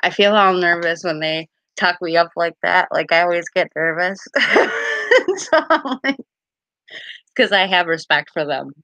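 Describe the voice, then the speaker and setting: Low-voiced giggly woman streamer. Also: unhurried, pushed and bright, no echo. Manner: giggly, chatty, with lots of fillers. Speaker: live-stream card reader. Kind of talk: casual live-stream chat.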